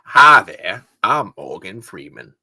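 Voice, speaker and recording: A man putting on a slow, deep, grand announcer voice as a celebrity impression. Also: sing-song, sharp tone, husky, no echo, full character voice. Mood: mock-grand. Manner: slow, low, grand delivery.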